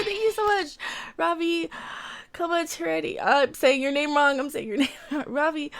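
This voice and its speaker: A woman's voice: sits high, fairly bright tone. A woman hosting a casual live stream from home, chatty and giggly, swearing freely as she greets viewers and reads out donations. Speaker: livestream host. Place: room at home with a window open.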